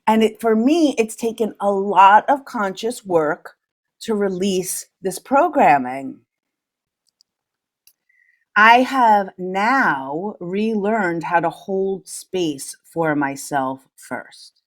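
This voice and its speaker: A middle-aged woman hosts a reflective solo podcast in a slow, gentle coaching voice. Her pitch moves a lot as she talks, and she sounds earnest throughout. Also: expressive. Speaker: podcast host.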